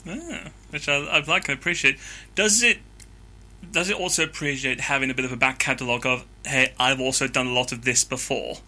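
A man's voice: medium pitch, bright, forceful tone. Eager, stumbling male interviewer. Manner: enthusiastic, halting, stumbles over words. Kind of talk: casual interview talk.

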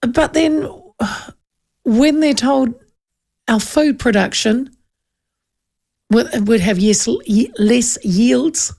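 A middle-aged woman with a New Zealand accent, hosting a radio talk show in casual chat, reading out listener texts and telling animated stories with asides. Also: a little high, vocal fry. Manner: chatty, animated storyteller with asides.

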